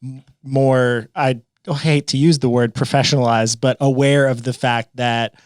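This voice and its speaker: Podcast co-host, man, New York accent, blunt and jokey, mid pitch, dry close mic. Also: steady tone, dry recording. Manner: blunt, laughs easily, quick asides. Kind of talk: casual chat.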